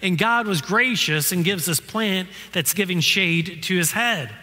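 A man's voice: high voice, unhurried, pushed and bright, big-room sound. A male pastor preaching a sermon, retelling the story in a casual storytelling way with everyday comparisons. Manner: casual storytelling with modern analogies.

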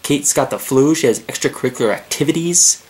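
A man's voice: mid-range voice, animated, fairly quick, darkish tone. A man doing a mocking dramatic reading of a novel, with sarcastic, rambling asides. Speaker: YouTuber. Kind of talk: mock dramatic reading with commentary.

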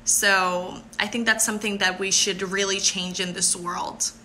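Brief: 20s woman, live stream host, effusive and bubbly, very bright voice over faint hiss. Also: medium pitch, flat delivery. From Puerto Rico. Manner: bubbly and effusive, quick to thank and laugh. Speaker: beauty pageant contestant. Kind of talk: live stream answering viewer comments.

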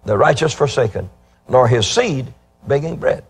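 Husky-voiced older male preacher. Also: mid-range voice, lively intonation. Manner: emphatic, drawn-out delivery; reads scripture aloud. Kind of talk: sermon.

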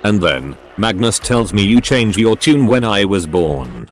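A man's voice: fairly low pitch, sing-song, unhurried, faint music behind. A synthetic male voice reading the part of an angry, hurt young woman confronting her father. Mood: bitter.

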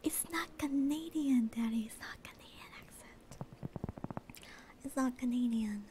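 A woman streamer whispering and chatting softly with her viewers in a whispered role-play. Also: sits high, unhurried. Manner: soft whispering, chatting with chat. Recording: noisy stream recording.

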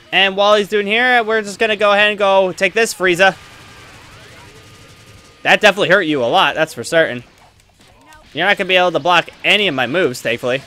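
A man giving let's play commentary, excitable and rambling, trash-talking his opponents as he plays. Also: sits high, a little fast. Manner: excitable, trash-talks opponents while playing; rambling with many fillers. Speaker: gaming channel host.

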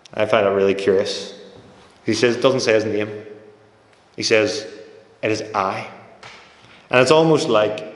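A man preaching a sermon in a church hall, talking in a conversational way and telling stories with quoted voices. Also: on the low side. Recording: echoey hall with long reverb.

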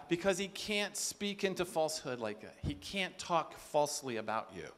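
A man preaching from a conference stage, animated and full of rhetorical questions. He slips into quoted voices as he goes, and his voice sits high for a man. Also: brisk, hardly any pauses. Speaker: conference speaker. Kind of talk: sermon.

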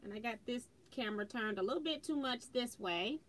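High-pitched lady hosting a sewing livestream, reading out chat comments and saying hi to everyone. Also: expressive, fairly quick, fairly bright tone, slight background noise. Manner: chatty, reads comments aloud and greets viewers by name. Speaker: quilting livestream host. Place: indoors at home, fireworks outside. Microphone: phone.

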